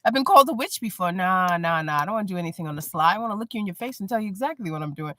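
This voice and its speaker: A woman chatting casually on a live stream, blunt and animated, often breaking into laughter. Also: on the low side, very fast, dry recording. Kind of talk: casual chat.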